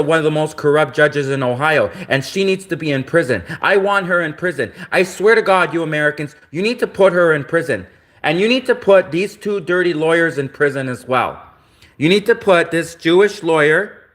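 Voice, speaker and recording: A man's voice: on the high side, fairly bright tone. Agitated man from Canada, ranting. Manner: agitated, repetitive, accusatory ranting. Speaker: livestreamer. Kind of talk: livestream rant.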